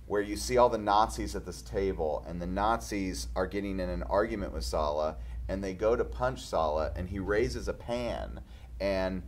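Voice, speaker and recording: A man's voice: low-pitched, moderate pace. A man, a film director, chatting casually and rambling through anecdotes with many restarts and stammers. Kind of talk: casual chat.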